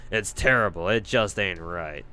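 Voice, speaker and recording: A man doing a loud, gruff fae villager. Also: low voice, a little slow. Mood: scornful. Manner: loud, blunt and scornful. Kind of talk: reading game dialogue aloud.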